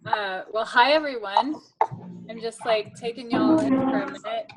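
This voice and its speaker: A woman's voice: a little high, normal speed, soft background music, rough recording. Earnest enthusiastic woman checking in. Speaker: call participant. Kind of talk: casual check-in on a video call.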